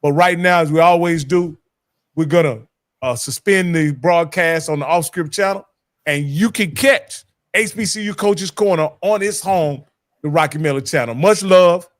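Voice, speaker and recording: Male host, easygoing, raised pitch, dry mic, casual sports talk. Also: moderate pace, no room sound. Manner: laid-back, friendly, says "man" often. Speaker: show host.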